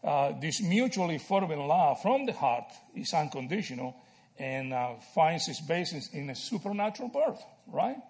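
A man from Argentina teaching a Bible study, animated and checking in with "right?" and "okay?" as he explains. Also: fairly high pitch, moderate pace, creaky.

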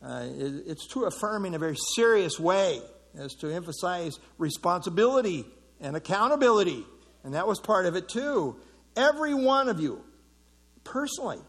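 A middle-aged man teaching a Bible passage in a relaxed, conversational way, with many fillers and restarts. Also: high voice, moderate pace, husky. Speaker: pastor teaching a Bible study.

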